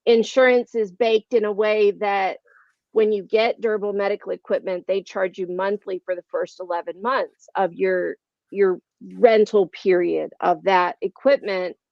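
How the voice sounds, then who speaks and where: A woman's voice: medium pitch, steady tone, unhurried, vocal fry, no room sound, dull audio. A woman speaking candidly on a panel, loose and conversational with many fillers.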